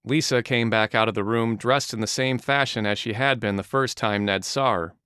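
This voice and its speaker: A man narrating an audiobook in a steady, even reading style. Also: lowish voice, normal speed, clear, resonant tone, no echo, clean studio sound.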